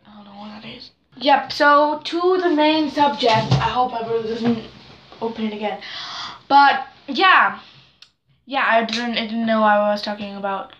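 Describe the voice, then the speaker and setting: Excitable high-voiced teen girl vlogger. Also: a little slow, roomy sound, highs cut off, slight background noise. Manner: excitable, rambling, self-deprecating. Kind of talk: casual chat to camera.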